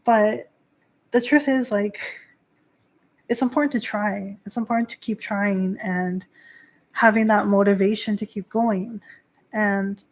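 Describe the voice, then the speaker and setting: In no hurry and pausing often, this woman in her 30s keeps a steady tone in her mid-range voice. She's a Shinto priestess hosting a relaxed livestream talk, responding to chat with plenty of fillers and frequent laughter.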